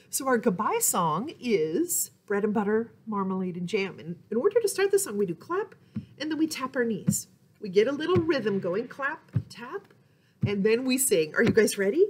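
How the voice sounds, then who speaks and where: A woman's voice: fairly high pitch, sing-song, moderate pace, a little hiss or hum. A woman leading a library storytime lesson for toddlers, talking in a cheerful sing-song way. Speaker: children's librarian.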